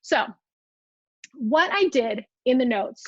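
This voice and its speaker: Youngish woman coach on a livestream, kinda high voice, lots of "like", dry slightly muffled audio. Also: expressive, slow. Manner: casual, filler-heavy, reacts to live comments. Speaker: food freedom coach. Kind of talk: live-streamed coaching talk. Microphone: earbuds.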